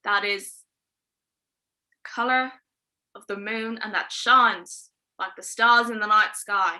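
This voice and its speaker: A woman voicing a brash, bossy fairy godmother in a put-on accent, talking in a brisk, slangy, scheming way. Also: medium pitch, pushed and bright. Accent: put-on, unplaced accent.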